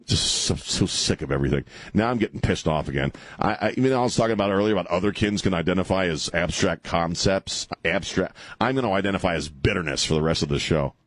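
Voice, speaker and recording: A middle-aged man hosting a talk radio show, ranting sarcastically and slipping into mocking high voices. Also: fast, hardly any pauses, no echo.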